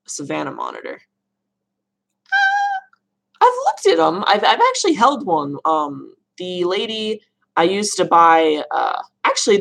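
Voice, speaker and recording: A woman's voice: lowish voice, a bit bright. A woman chatting casually on a livestream, answering viewers' questions about reptiles and laughing at her own mispronunciations. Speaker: reptile keeper answering live chat questions.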